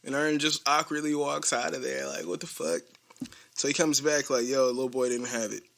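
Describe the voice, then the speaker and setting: A man's voice: mid-range voice, fairly even intonation, normal speed, creaky, fairly bright tone. A man hosting a podcast, casually retelling a TV episode in a rambling way and acting out the characters' lines. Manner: rambling, acts out quoted lines, laughs often. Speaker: podcast host.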